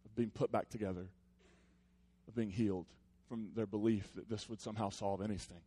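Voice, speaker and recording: A man who is a pastor, preaching a sermon to his congregation in a conversational, earnest way that drops into soft, reflective passages. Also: lowish voice, fairly even intonation, fairly quick, breathy edge.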